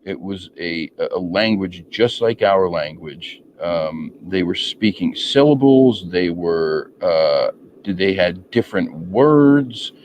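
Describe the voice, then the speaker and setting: Low, slow-talking man hosting a chat. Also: animated, a little mellow. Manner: rambling, many ums and restarts. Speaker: podcast host. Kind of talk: casual interview chat. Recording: dull lo-fi audio with faint noise.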